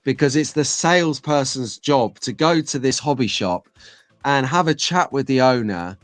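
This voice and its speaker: A man's voice: mid-range voice, expressive, moderate pace, no echo. A middle-aged man hosting a live stream, chatting casually and reading out viewer comments. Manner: chatty, rambling, reads chat comments aloud. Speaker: host of a live stream show.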